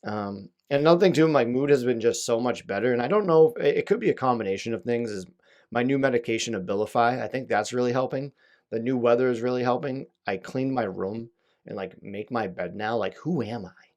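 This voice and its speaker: A man's voice: medium pitch, fairly quick, darkish tone. A young man hosting his own podcast, talking in a rambling, self-deprecating, chatty way. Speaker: podcast host. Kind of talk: casual solo podcast chat.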